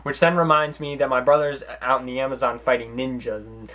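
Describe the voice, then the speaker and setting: A young man hosting a comedy vlog from home, giving mock advice in a deadpan, sarcastic way with rambling asides. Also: medium pitch, fairly quick. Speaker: vlog host. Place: at home, sitting in front of a camera.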